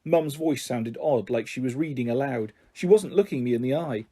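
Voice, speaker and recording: Mellow, husky male storyteller. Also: medium pitch, moderate pace. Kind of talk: reading a children's novel aloud.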